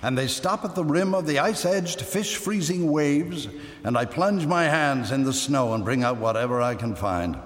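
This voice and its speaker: A man reading a story aloud with lively, dramatic storytelling. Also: fairly high pitch, moderate pace. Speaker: reader. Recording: echoey room with long reverb.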